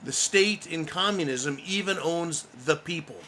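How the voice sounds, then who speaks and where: A man's voice: fairly high pitch, a little slow, bright, forceful tone, a little hiss or hum. A man hosting a livestream, giving angry, blunt political commentary and swearing freely. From United States. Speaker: livestream host.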